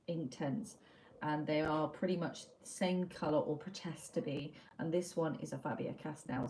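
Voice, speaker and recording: Chatty woman, low voice. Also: mellow, slight background noise. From Wiltshire, England. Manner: chatty, rambling, self-mocking, reads chat aloud. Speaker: art livestream host. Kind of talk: casual livestream chat while swatching pencils.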